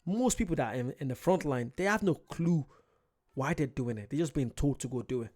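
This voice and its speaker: A man's voice: mid-range voice, animated, fairly quick, darkish tone. British man musing hesitantly while reacting. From Britain. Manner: thinking aloud, hesitant, many restarts. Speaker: reaction channel host. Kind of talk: casual reaction commentary.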